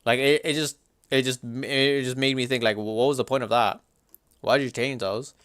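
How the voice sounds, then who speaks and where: A young man livestreaming, chatting casually and reacting to chat in a slangy, animated way. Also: medium pitch, moderate pace, dry recording, clean studio sound.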